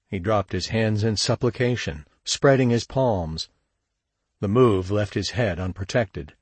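A man narrating a crime story in a steady, measured audiobook read. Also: fairly low pitch, husky, no room sound. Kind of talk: scripted narration.

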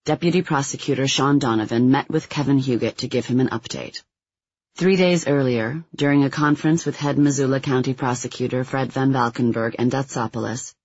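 A man narrating a nonfiction book in an even, measured scripted reading. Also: medium pitch, husky, no room sound, highs cut off. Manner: even, measured reading; quotes read with little acting. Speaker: audiobook narrator.

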